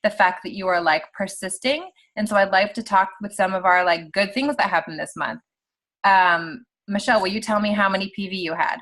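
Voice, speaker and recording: Chatty, animated woman leading a team call. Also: medium pitch, fairly quick. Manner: chatty and animated, heavy use of "like". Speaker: team leader on a sales call. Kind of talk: casual motivational talk. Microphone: video call.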